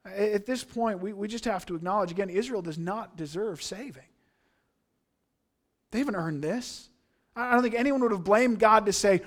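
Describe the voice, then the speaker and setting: Pastor, male, higher-pitched voice; earnest, emphatic sermon delivery, dropping to hushed asides and then rising. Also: moderate pace. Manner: earnest, emphatic preaching with swings from hushed to loud.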